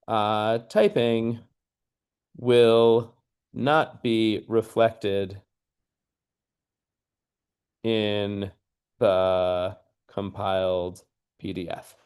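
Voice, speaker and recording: A man teaching a screen-share lesson, explaining each step patiently and checking in with listeners. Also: medium pitch. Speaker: mathematics teacher trainer.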